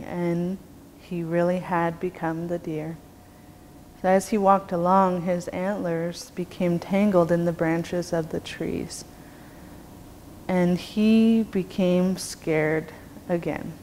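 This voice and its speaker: A woman teacher telling a traditional story in a slow, measured, rhythmic way. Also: lowish voice, level tone, a little mellow. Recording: long reverb, faint background noise.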